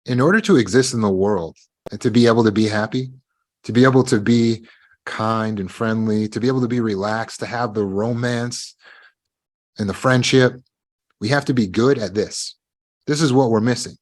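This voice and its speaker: Man, mid pitch, self-help lecture, emphatic, talks straight to students, acts out quoted speech. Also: normal speed, a little mellow. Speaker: teacher. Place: live online meeting.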